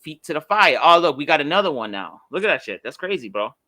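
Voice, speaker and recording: A man co-hosting a podcast in casual chat, animated and swearing freely, now and then putting on mock accents for jokes. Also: fairly high pitch, quick pace, no echo. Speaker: podcast co-host.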